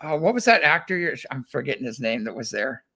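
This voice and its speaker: A man from the United States talks casually as a guest, in a voice of ordinary middle pitch. He wanders through anecdotes, restarting phrases and slipping into the voices of people he quotes. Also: big pitch swings, quick pace, pushed and bright, slightly rough. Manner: rambling, repeats words and acts out quotes. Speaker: guest, ranch founder. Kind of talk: casual chat, anecdotal storytelling.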